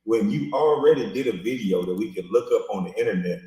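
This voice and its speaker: A man rants in a recorded video, hurling mocking insults. His voice sits a little low. The sound is very echoey. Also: animated, fast, warm tone.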